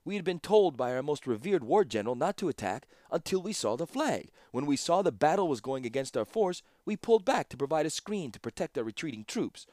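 A man voicing an impassive, formal war captain in an audiobook, speaking calmly and deferentially. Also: fairly high pitch, fairly quick, few pauses, no room sound, clean studio sound, voice pushed up. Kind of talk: audiobook character voice.

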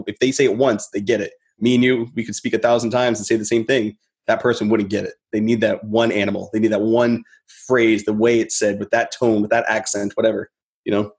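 A man's voice: lowish voice, darkish tone. A man who is a podcast guest, talking in a reflective, rambling way and often circling back on his thoughts. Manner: rambling, reflective, many "you know" fillers and restarts. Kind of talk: casual podcast conversation.

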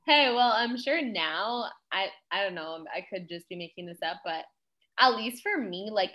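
A woman hosting a casual chat, expressive and quick to laugh. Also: medium pitch.

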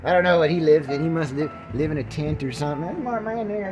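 A man's voice: a little high, quick pace, dull audio, over music. A man rambles through his own podcast in a loose, casual way. He jokes at his own expense and wanders from one thought to the next. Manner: joking, self-mocking, jumps into put-on voices. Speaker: podcast host.

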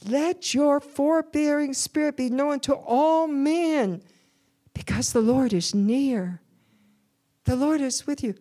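A woman's voice: sits high, takes it slowly, dark tone. A woman preaching a sermon in church, calling on the congregation to answer back. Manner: call-and-response preaching to a congregation.

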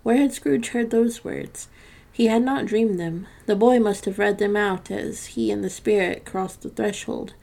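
Gravelly woman reading a classic tale. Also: medium pitch, measured pace, mellow. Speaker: podcast narrator.

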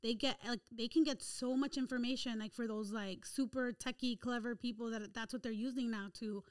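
A woman with a high, smooth voice talks on a casual podcast. She explains things in a chatty way and slips in a little Spanish. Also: steady tone, normal speed. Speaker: podcast co-host. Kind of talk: casual chat.

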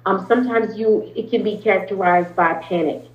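An earnest woman therapist talks through her ideas in a relaxed interview, often pausing on "um" and restarting her sentences. Her voice sits at an ordinary pitch. The recording sounds roomy and a little dull. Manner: earnest, explains at length with frequent ums and restarts. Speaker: therapist, podcast guest. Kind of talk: conversational interview talk.

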